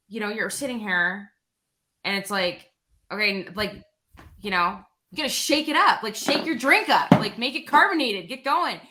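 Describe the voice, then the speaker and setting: A young woman speaking as an interview guest, chatty and full of energy, piling one quick phrase onto the next. Her voice is bright and forward and sits a little high for a woman. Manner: energetic and animated, quick with frequent "like". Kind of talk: casual interview talk.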